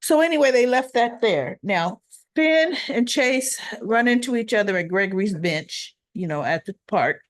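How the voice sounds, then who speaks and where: A woman's voice: a little high, lively intonation, moderate pace. Chatty woman retelling soap scenes. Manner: chatty, acts out dialogue in quotes. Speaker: soap opera recap vlogger. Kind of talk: casual retelling of episode.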